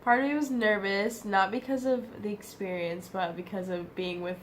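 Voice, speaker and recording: A woman's voice: mid-range voice, fairly even intonation, moderate pace, slight background noise. A young woman from the United States, a student, chatting casually in an interview and saying "like" a lot. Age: young adult. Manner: chatty, lots of "like".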